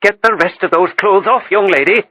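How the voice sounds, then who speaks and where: A man's voice: fairly high pitch, lively intonation, fairly quick, no room sound, voice pushed up, low-quality recording. A man voicing a motherly countrywoman. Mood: caring, gently scolding. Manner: gentle mock sternness. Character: kind, motherly countrywoman, gently scolding.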